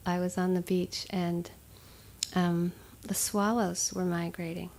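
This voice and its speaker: A woman giving a dharma talk as a meditation teacher, speaking conversationally with frequent fillers and soft laughs. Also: fairly low pitch, level tone, takes it slowly.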